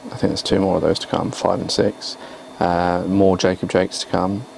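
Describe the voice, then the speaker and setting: A man's voice: low voice, little pitch movement, moderate pace, vocal fry, a little mellow, a little hiss or hum, poor audio. A man talking casually on his video blog about his poems, in a rambling, hesitant, self-deprecating way. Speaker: poet and vlogger.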